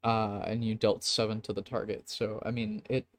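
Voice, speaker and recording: A man's voice: fairly low pitch, flat delivery, normal speed. A young man narrating a tabletop game as game master, casual and laughing, swearing often. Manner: casual, laughing, swears often, puts on silly shopkeeper voices.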